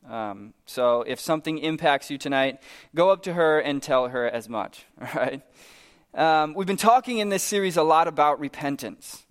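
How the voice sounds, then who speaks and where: A man's voice: on the high side, a bit bright, clear, resonant tone. A man, a pastor, preaching a sermon and telling a story with hesitant fillers and light asides.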